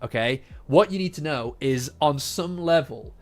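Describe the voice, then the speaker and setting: A man hosting a casual manga reaction, animated and profane, repeating lines for emphasis. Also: a little high, unhurried. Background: faint lofi background music.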